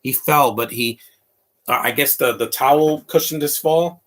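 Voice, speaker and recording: A man giving a casual live commentary over a comedy film, rambling through asides, laughing often and reacting loudly to what is on screen. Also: moderate pace. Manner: reacts loudly to the film, quoting lines in a high voice.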